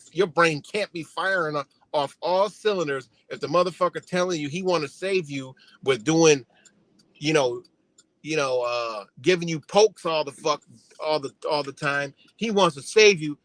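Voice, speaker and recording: A man's voice: on the high side, normal speed, fairly bright tone. A man hosting a live stream, ranting in a heated, profane, repetitive way. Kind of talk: ranting commentary.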